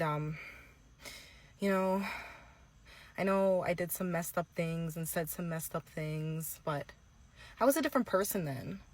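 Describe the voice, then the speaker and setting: A woman doing a tearful, halting influencer apology. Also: fairly low pitch, close to an everyday voice. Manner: halting, filler-heavy, fake-emotional. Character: tearful young white female influencer apologizing. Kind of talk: comedic impression.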